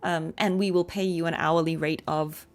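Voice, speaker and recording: A woman's voice: sits low, steady tone, normal speed. A woman, a voice actor and streamer, chatting casually while gaming and giving earnest advice with frequent ums.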